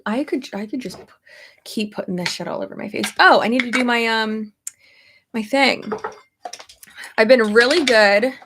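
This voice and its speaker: A young, pregnant woman streams live, chatting casually and telling stories full of laughter and swearing. Her voice is mid-range, with noise in the background, and she's chatty, profane and animated as she tells her tales.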